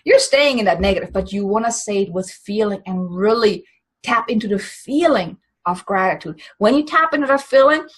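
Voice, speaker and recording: A woman's voice: medium pitch, expressive, normal speed, slightly rough. A woman coach giving motivational business advice in an earnest, emphatic, encouraging way. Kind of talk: motivational advice talk to camera.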